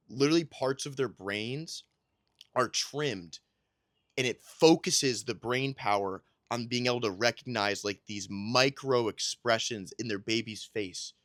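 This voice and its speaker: A man's voice: mid-range voice, fairly bright tone, no echo, studio quality. A man chatting casually about his week as a new father, telling rambling, self-deprecating stories. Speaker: podcast host and new father. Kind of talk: casual chat.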